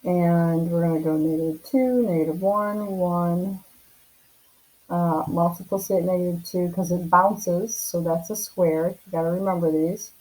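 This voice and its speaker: A woman teaches a recorded math lesson from home, talking casually and often checking in with "right?". Her voice sits low and sounds warm and mellow. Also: normal speed, rough recording.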